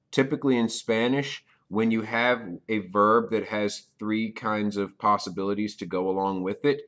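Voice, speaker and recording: Low-voiced man teaching a patient lesson. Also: fairly bright tone. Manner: patient explaining, checks in with "okay?"; repeats key points for beginners. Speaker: Spanish teacher. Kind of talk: recorded video lesson.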